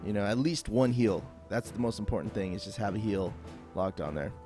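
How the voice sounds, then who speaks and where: With a lowish voice and lively intonation, a gameplay tutorial host talks a little fast through an easygoing, off-the-cuff voice-over, rambling a bit and relying on fillers. Soft music plays faintly underneath.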